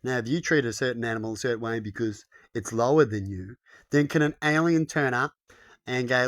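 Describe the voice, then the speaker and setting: A man's voice: medium pitch, a little fast. A man thinking aloud in a casual monologue, tossing out rhetorical questions and checking in with "right?". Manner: rhetorical, keeps asking "right?".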